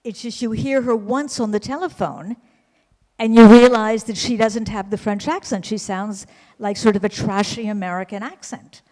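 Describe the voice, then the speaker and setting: A woman's voice: mid-range voice, fairly even intonation, normal speed, a little mellow, in a large hall, low-quality recording. A woman hosting an onstage interview, asking long, articulate, probing questions. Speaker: interviewer, host.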